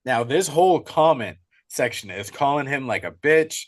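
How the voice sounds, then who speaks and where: A young man co-hosting a podcast, retelling a horror film in an excitable, profane, casual way. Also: mid-range voice, normal speed. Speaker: podcast co-host. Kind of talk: casual movie recap.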